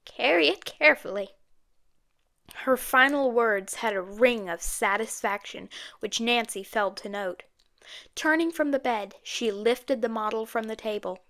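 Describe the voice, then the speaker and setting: Woman audiobook narrator, steady and measured, slightly high voice.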